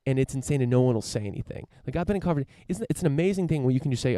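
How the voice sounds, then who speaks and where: A man's voice: mid-range voice, lively intonation, very fast, creaky, few pauses, mellow, dry recording, clean studio sound. A podcast host from the United States, a man riffing through a casual opinion monologue, rambling with lots of fillers, restarts and casual swearing.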